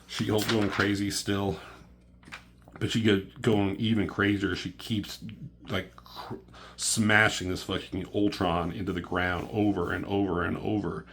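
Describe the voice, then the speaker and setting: A man casually recapping a comic book issue, swearing often and getting excited, with lots of fillers. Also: lowish voice, unhurried, a little hiss or hum. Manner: profane, excitable, filler-heavy retelling.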